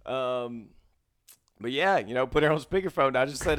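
A man's voice: mid-range voice, expressive, unhurried, pauses often, fairly bright tone, clear, resonant tone. A man with a faded Texan twang co-hosting a podcast, telling stories in a rambling, easygoing way with frequent restarts. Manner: rambling, restarts a lot, laughs easily. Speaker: podcast co-host. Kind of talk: casual chat.

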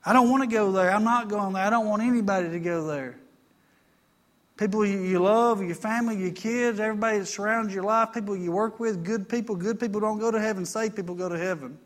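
A man's voice: high-pitched, a little fast. A man preaching a folksy sermon, reading scripture aloud and asking the congregation for amens. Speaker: pastor.

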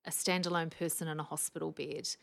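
A woman, a speech pathologist guest, telling lively anecdotes and laughing often. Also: low voice, quick pace, vocal fry. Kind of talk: casual storytelling chat.

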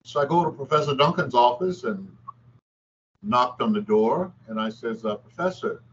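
Older man, former athlete, interview storytelling, animated, repeats phrases, slightly dull recording, faint hiss. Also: mid-range voice, moderate pace. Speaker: former basketball player and newscaster.

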